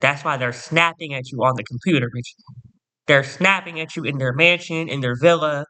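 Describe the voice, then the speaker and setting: Sassy boastful man with a sharp voice. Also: on the high side, normal speed. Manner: repeats punchy catchphrases. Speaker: vlogger. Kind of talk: storytime rant to camera.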